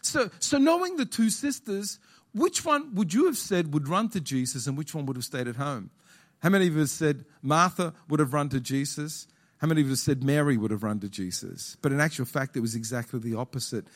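A man's voice: a little high, a little fast. A male pastor preaching a sermon in an auditorium, repeating key phrases and putting questions to the congregation.

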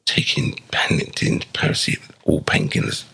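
A man tells his life story as a podcast guest, acting out the quoted lines in his anecdotes. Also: moderate pace. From England. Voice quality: deep gravelly voice. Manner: animated, acts out dialogue with quoted voices. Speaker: podcast guest, former footballer. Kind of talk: conversational storytelling.

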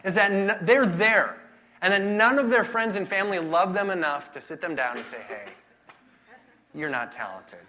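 Man, pastor, casual sermon, bright voice, slightly higher pitch, self-deprecating storytelling. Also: a little fast, a little hiss or hum. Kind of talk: casual sermon with personal stories.

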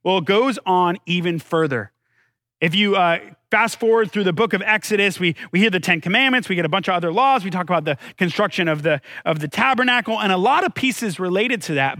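A man's voice: sits high, sharp tone, no echo. A man preaching a sermon in a conversational way, asking his listeners questions and telling the story with dramatic drops in his voice. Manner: conversational, asks the congregation questions. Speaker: pastor.

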